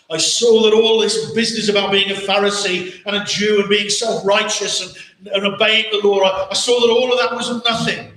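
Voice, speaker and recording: A man's voice: high-pitched, fairly even intonation, moderate pace, sharp tone. A man with an English accent preaching a sermon as pastor, earnest, with many rhetorical questions and repeated words. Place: church hall. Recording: very echoey church hall.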